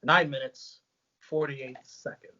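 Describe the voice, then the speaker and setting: A man co-hosting a casual roundtable, leading the review with upbeat, quick recaps. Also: mid-range voice, fairly even intonation, pushed and bright, highs cut off.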